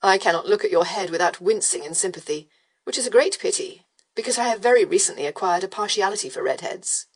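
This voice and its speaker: Woman voicing a teasing aristocratic rake, lazy drawl, mid pitch. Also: fast, close to an everyday voice. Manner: drawling, mocking, smoothly provocative. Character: arrogant, lazily teasing male aristocrat rake. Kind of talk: audiobook character voice.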